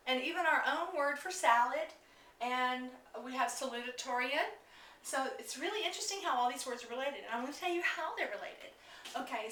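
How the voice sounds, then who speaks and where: A teacher gives an informal, chatty lesson on where words come from, with lots of fillers and restarts. Her voice sits high with a sharp tone, and the recording sounds like an echoey room with the mic at a distance.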